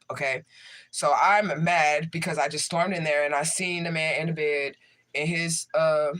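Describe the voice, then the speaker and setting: A man's voice: on the high side, sharp tone. A man, a tarot reader, chatting casually and profanely to his livestream viewers.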